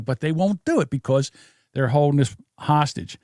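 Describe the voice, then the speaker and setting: A man's voice: fairly high pitch, animated, normal speed, a little mellow, dry recording, clean studio sound. An older man co-hosting a podcast, telling rambling stories and giving blunt, opinionated takes in casual chat. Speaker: podcast co-host.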